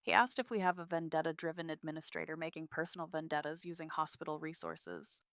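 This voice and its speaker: A woman's voice: low-pitched, steady tone, quick pace, creaky, no echo, clean studio sound. A woman voicing a stern, cool female hospital chief executive in a narrated story.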